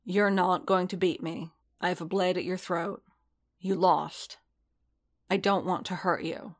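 A woman voicing a tired, guilt-torn male warrior who speaks in a hushed, restrained way. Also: fairly low pitch, steady tone, unhurried. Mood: tired firm.

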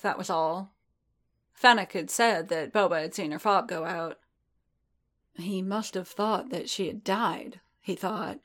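A woman reading a fiction story aloud in an even, unhurried way, with occasional small restarts. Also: mid-range voice. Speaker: reader.

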